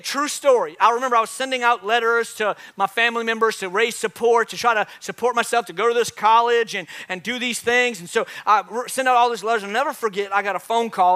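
A male pastor in his thirties preaching a sermon to a church congregation, telling stories with big swings from quiet to loud. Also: sits high. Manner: animated storytelling, swings from soft to loud. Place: church with live audience.

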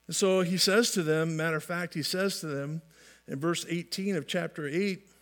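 High-voiced man preaching a folksy sermon. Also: fairly even intonation, moderate pace. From California. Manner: folksy, repeats and restarts phrases, light humor. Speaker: pastor.

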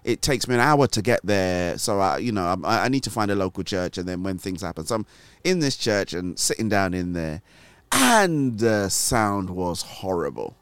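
Host, man, lowish voice, dry close sound, chatty with lots of false starts. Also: brisk, clean tone, no echo. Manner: rambling, many restarts, laughs easily. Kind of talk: casual faith chat.

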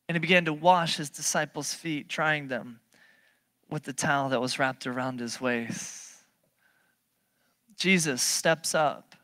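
A preacher delivering a sermon in an animated, emphatic way, pressing the listeners with question after question. The voice sits in a middle register and moves between loud bursts and hushed, low stretches. The recording is dry and close, with no room echo. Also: creaky. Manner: animated, emphatic, asks many rhetorical questions; swings from loud bursts to low, quiet passages.

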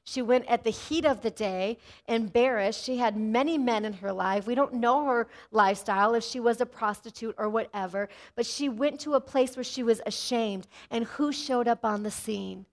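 A middle-aged woman pastor preaching an animated sermon and often calling out "amen". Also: fairly high pitch, normal speed, few pauses.

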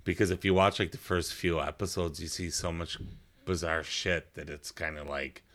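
A man's voice: sits low, steady tone, moderate pace, fairly bright tone. A man co-hosting a casual podcast, rambling through a story with many fillers. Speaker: podcast co-host.

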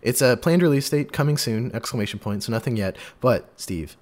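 A man in his twenties hosting a casual podcast, animated and jokey, often restarting his sentences. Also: mid-range voice, brisk. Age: 20s. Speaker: podcast host.

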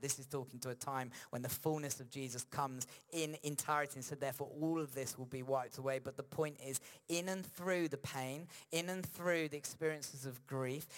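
Man preaching with lively, varied delivery. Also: mid-range voice. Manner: swings between lively emphasis and slow, hushed reflection. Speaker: pastor. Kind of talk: sermon. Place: church.

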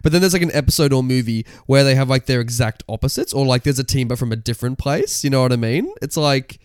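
Casting: playful young male podcast co-host, giggly, lively lilting voice, dry close sound. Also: medium pitch, clean tone, no echo. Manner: giggly, playful, quick to joke. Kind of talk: casual podcast banter.

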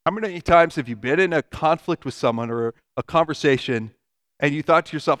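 A man preaching a conversational sermon, animated, acting out everyday quotes and vivid hypotheticals. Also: a little high, brisk, smooth.

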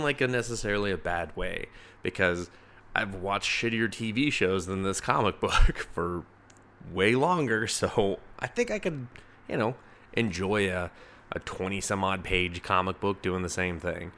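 A man's voice: low-pitched, expressive, unhurried, a bit bright. A young man casually reviewing comic books, swearing freely, rambling, and laughing at his own jokes. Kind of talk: casual solo review podcast.

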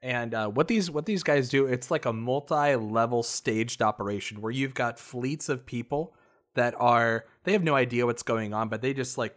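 A man's voice: medium pitch, a bit bright. A man in casual podcast chat, explaining at length in a laid-back way, full of fillers. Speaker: podcast co-host.

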